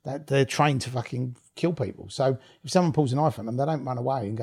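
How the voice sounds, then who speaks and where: A former rave promoter, appearing as a guest in a casual storytelling interview, tells blunt stories full of swearing and laughs as he goes. His mid-range voice is fast, husky, and somewhat dark in tone.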